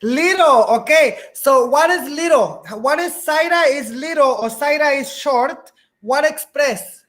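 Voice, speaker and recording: A woman with a high, slightly bright voice teaches a beginner English class at a measured pace. She patiently repeats words, checks that students are following, and now and then slips into Spanish.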